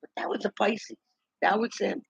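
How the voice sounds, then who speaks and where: Gravelly high-voiced New man gossiping. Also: animated, normal speed, dry recording. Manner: chatty, indignant, talks to himself. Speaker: vlogger. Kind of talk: rambling gossip monologue. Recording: dull lo-fi dry recording.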